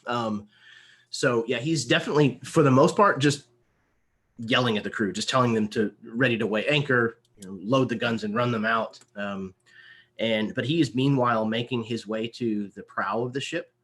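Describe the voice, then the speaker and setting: A man's voice: mid-range voice, moderate pace, fairly bright tone, breathy edge. A man playing a tabletop game, hesitantly talking through his options and describing his character's actions. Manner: hesitant, many ums, talks through options. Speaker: player.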